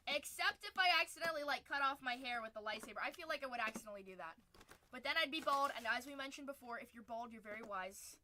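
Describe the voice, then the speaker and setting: Bright, high-voiced woman streaming card breaks. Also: quick pace, slight background noise. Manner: chatty and upbeat, calling out each card pulled. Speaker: host of a live trading card break stream. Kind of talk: casual live-stream chat.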